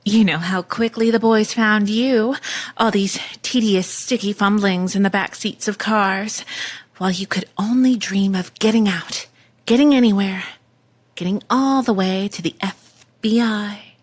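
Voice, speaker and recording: A woman's voice: mid-range voice, a little slow, lightly acted. A woman voicing a valley-girl version of a creepy cannibal psychiatrist in a mock sponsor read, with a breezy lilt over menacing taunts. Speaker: podcast host doing a mock sponsor read.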